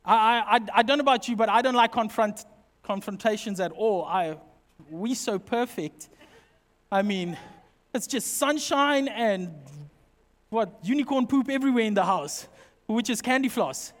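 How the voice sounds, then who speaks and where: A middle-aged man preaching a sermon, telling funny personal stories in an animated, joking way. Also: sits high, normal speed. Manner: humorous, animated storytelling. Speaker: pastor. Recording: long reverb of a hall.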